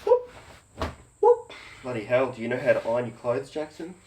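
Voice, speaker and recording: A man's voice: medium pitch, wildly swooping pitch, moderate pace. A young Australian man vlogging casually with his mates, laid-back, joking and swearing, recorded outdoors on a handheld camera. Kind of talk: casual vlog chat. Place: outdoors around town and in a car. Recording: loud traffic noise outdoors.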